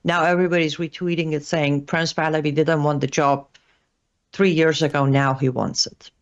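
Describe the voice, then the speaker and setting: A woman's voice: low-pitched, steady tone, normal speed. A woman commenting as a guest on a talk show, hesitant, with many fillers and restarts. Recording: dull lo-fi audio.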